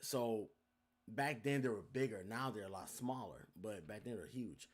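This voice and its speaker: Young dude podcast host, lowish voice, swears a lot, chatty and animated telling stories to y'all. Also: male voice, moderate pace. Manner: animated, profane, addresses listeners as y'all. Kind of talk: casual storytelling.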